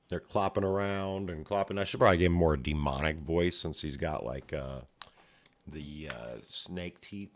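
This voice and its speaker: A man's voice: very deep voice, moderate pace. A man giving casual, rambling commentary while reading a comic aloud, making his own sound effects. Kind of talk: casual read-along commentary.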